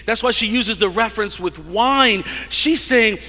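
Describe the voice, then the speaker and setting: A man preaching with a bright, ringing tone that sits a little above the usual male pitch. He teases his listeners as he goes and stumbles over his own phrases. His voice trails off into a long hall reverb. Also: measured pace, hardly any pauses. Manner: playful, teasing the congregation, with many restarts. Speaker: pastor. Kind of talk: sermon.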